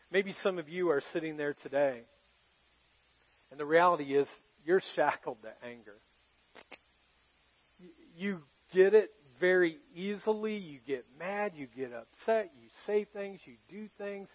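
High-voiced pastor, earnest and confessional. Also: male voice, lively intonation, a little slow, dull audio. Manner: earnest, confessional storytelling to a congregation, swinging from loud to hushed. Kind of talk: sermon.

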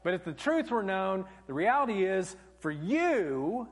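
A male pastor preaching a sermon, telling stories animatedly and dropping to a hush for emphasis, in a church auditorium. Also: sits high, sing-song, a little slow. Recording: long church hall reverb.

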